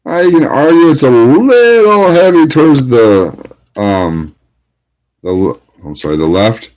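A man's voice: mid-range voice, sing-song, a little slow, darkish tone, poor audio. A man hosting a trading card break, calling out each card and greeting viewers, getting hyped at big pulls. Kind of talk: live card-breaking commentary.

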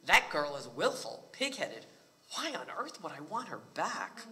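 A man's voice: medium pitch, normal speed, in a large hall, crowd noise, natural voice. A man voicing a scornful middle-aged dairyman who mocks and scoffs. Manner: mocking, curt, scoffing.

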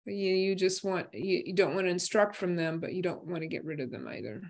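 A woman co-presenting a webinar over a video call, speaking briskly and moving the questions along. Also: fairly low pitch, a little mellow. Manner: brisk and affirming, quick agreements. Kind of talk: casual webinar conversation.

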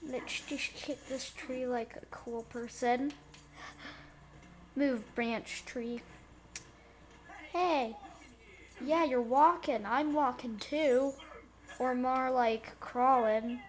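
Giggly high-voiced woman playing a game. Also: takes it slowly. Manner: giggly, excitable, talks to the game characters. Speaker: let's play gamer. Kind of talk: casual gameplay commentary.

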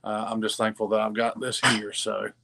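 A man co-hosting a live sales stream in a casual, halting way, full of fillers, greeting viewers by name. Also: fairly low pitch, little pitch movement, gravelly, pushed and bright. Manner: halting, many fillers and restarts. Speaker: livestream co-host reading viewer comments.

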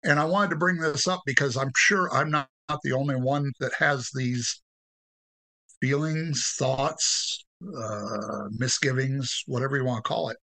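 A man, a podcast guest, telling his story in an earnest, halting way with restarts. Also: mid-range voice, fairly even intonation, pushed and bright, rough recording. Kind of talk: conversational interview storytelling.

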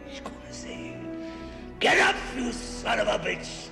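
An actor playing a gruff, devoted old boxing trainer who talks in rough street slang. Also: male voice, fairly low pitch, a little slow. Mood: heartfelt. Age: older. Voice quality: gravelly. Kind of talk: film drama acting. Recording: echoey room with score music.

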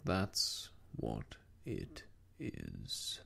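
A man voicing a gloomy old male donkey, talking slowly and mournfully in a whispered role-play. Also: rumbling low, huge pitch swings, vocal fry, fairly bright tone, slightly rough, voice pushed down, exaggerated voice. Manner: slow, mournful, self-pitying sighs.

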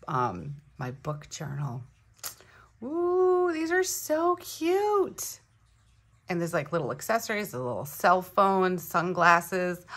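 Female vlogger, low voice with lively swoops, gushy and excitable, casual unboxing chat at home. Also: slightly rough. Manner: excitable, gushing, thinks aloud. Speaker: planner vlogger. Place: home room.

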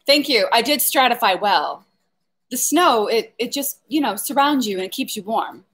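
Chatty woman with a bright, higher voice. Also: animated, moderate pace, slightly rough. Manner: chatty and rambling, reads viewer comments aloud, laughs often. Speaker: flower farmer hosting a live stream. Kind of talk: casual live-stream chat.

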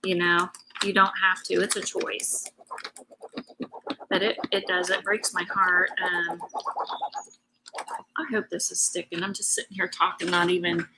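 A woman's voice: fairly low pitch, flat delivery, a little slow, pauses often, noisy background. A woman hosting a craft show, chatting casually and emotionally to her live viewers, rambling in a heartfelt way. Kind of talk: casual live-stream chat.

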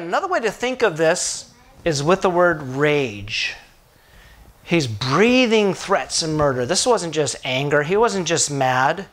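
Middle-aged male preacher, animated sermon delivery with rhetorical questions, voice on the higher side. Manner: animated storytelling preacher, asks the congregation questions. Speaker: pastor.

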